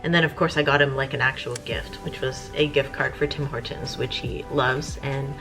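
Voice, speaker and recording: A woman, chatting casually and rambling as a vlogger, with soft music behind. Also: rumbling low, steady tone, moderate pace. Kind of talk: casual chat.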